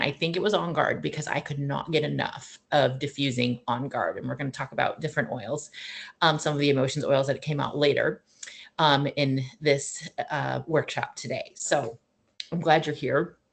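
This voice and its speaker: A woman's voice: low-pitched, steady tone, normal speed, gravelly, husky. A middle-aged woman hosting a wellness class, telling her own story in an earnest, rambling way. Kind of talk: casual personal talk and teaching.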